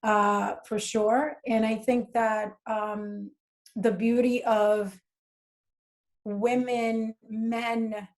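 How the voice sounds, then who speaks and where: A woman talking casually as a podcast guest, lively and animated as she tells stories. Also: fairly high pitch, drawn-out words. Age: adult with children. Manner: animated, acts out dialogue from her stories. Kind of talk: casual interview talk.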